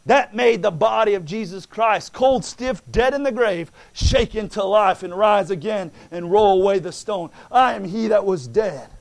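A male preacher delivering a sermon, moving from quiet talk into fervent preaching. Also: high voice, normal speed, creaky, hardly any pauses.

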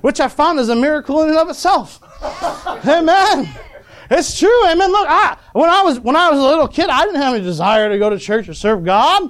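A man's voice: very high-pitched, animated, a little fast, a bit bright. A man preaching a sermon as pastor, repeatedly asking the congregation for an amen, with chuckling asides.

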